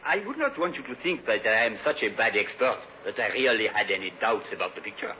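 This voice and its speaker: An actor playing a courteous, shrewd French art expert with a French accent, in an old radio drama. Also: male voice, fairly low pitch, very animated, bright, forceful tone, a little hiss or hum. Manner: courteous, measured and knowing. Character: polite, shrewd French art expert, middle-aged man. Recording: muffled old radio broadcast.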